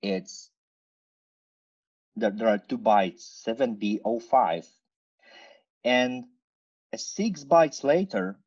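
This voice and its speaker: Man, conference speaker, technical talk, slow pace, casual with fillers, dull lo-fi sound. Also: lowish voice, expressive, a little mellow, slightly rough. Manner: casual, with many fillers and playful asides. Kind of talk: technical screen-share talk.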